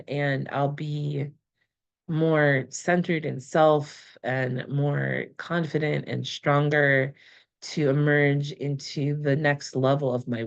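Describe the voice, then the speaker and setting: A woman's voice: deep voice, muffled recording. A middle-aged woman talking through a tarot reading in a rambling, emotional way, with many fillers and restarts. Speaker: tarot channeler. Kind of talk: casual spoken reflection.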